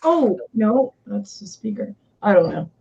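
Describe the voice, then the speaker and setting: A woman's voice: mid-range voice, sing-song, a little slow, gravelly, dark tone, slightly rough, dull audio. A woman co-hosting a live stream, chatting casually, laughing often and telling stories. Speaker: stream co-host.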